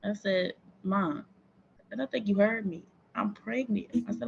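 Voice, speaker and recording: A woman's voice: medium pitch, unhurried, creaky, lo-fi sound, slight background noise. A young woman from Florida, a sports team owner, candidly and emotionally telling her personal story as an interview guest. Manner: earnest, emotional, reflective.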